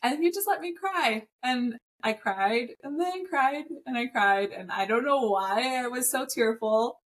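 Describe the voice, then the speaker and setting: A woman's voice: a little high, unhurried. Candid woman sharing personal stories. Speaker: podcast co-host. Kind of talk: casual personal storytelling.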